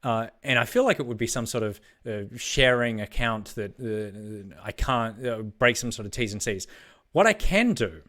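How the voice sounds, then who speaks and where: A man's voice: fairly low pitch, steady tone, moderate pace, few pauses, sharp tone. A man co-hosting an esports broadcast, chatting casually with teasing, rambling asides and lots of fillers. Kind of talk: casual on-air banter.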